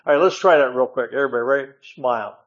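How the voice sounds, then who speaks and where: A man's voice: mid-range voice, rapid-fire, muffled recording. A man preaching a folksy, emphatic sermon in a church, often repeating amen. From northern United States. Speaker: guest preacher.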